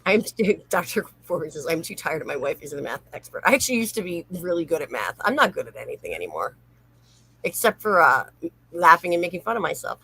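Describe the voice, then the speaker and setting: A woman's voice: lowish voice, sing-song, fast talker, bright, forceful tone, husky, poor audio. A woman hosting a casual late-night livestream, reading viewer comments aloud and chatting, laughing easily. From North Carolina, USA. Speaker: livestream host.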